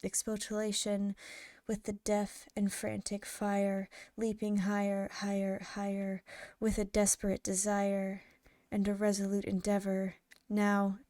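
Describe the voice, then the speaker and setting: A woman narrating poems in a soft, hushed ASMR reading style, drawing out each line slowly. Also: medium pitch, completely flat delivery, no room sound, clean studio sound. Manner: slow, hushed, drawn-out delivery.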